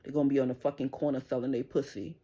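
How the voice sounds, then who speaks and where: Speaking rapid-fire in an extremely low, nearly flat pitch, this middle-aged woman vlogger has a warm, husky voice. She rants angrily and profanely straight into the camera, confrontational, jabbing "you understand?" again and again.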